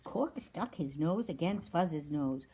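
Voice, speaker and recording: A woman hosting an animal rescue livestream, reading a children's story aloud with a gentle, chatty delivery. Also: deep voice, expressive, slow pace, breathy edge.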